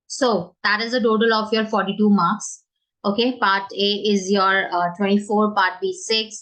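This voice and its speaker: A woman's voice: medium pitch, a bit bright, rough recording. Hesitant Indian English teacher, woman. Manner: hesitant, many fillers and restarts. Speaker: exam prep teacher. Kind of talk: informal spoken lesson.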